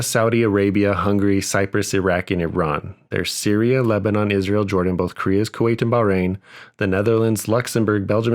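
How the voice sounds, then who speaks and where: Low-voiced young man rattling off a list. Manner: rattling off list, half-sung. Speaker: podcast host. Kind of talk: casual podcast recitation.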